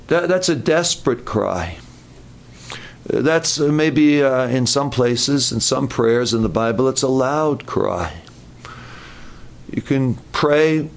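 A man preaching a sermon at a camp meeting, earnest and given to repeating his words. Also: medium pitch.

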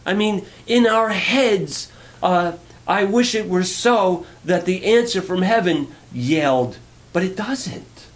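A man's voice: high voice, animated, slow. A male pastor giving a conversational, playful sermon, asking the congregation questions.

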